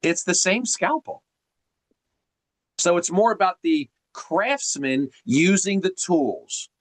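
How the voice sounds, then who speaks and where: A man's voice: high-pitched, animated, takes it slowly, dry recording. A man coaching someone on a video call, emphatic and teacherly, asking rhetorical questions as he explains.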